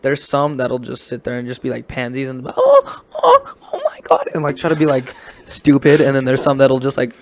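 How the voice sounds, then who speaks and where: A man's voice: mid-range voice, level tone, a little fast, darkish tone. A young man chiming in on a casual podcast, joking along with his friends. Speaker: podcast co-host. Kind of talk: casual chat.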